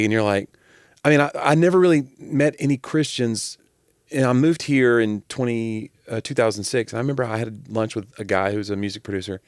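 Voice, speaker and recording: A man's voice: on the low side, brisk, no echo, studio quality. A man co-hosting a podcast, joking around and slipping into silly voices as he talks. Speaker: podcast co-host. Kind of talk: casual chat.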